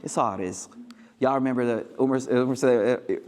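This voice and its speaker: A man's voice: medium pitch, brisk, a little mellow, slight background noise. A man giving a casual, joking religious talk to a live audience, using street slang and acting out quoted lines. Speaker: Islamic speaker.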